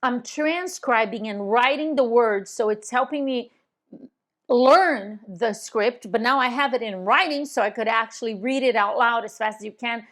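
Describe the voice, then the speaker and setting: Confident woman coaching, slightly high voice. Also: normal speed, fairly bright tone. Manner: confident, emphatic, demonstrates tone with sudden pitch jumps. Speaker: real estate coach. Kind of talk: instructional video talk.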